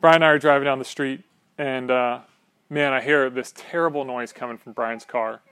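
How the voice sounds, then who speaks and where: A man's voice: medium pitch, steady tone, moderate pace, fairly bright tone, clear, resonant tone. Conversational male pastor preaching. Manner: conversational, frequent tag "right?", joking asides to the congregation. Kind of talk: sermon. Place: church.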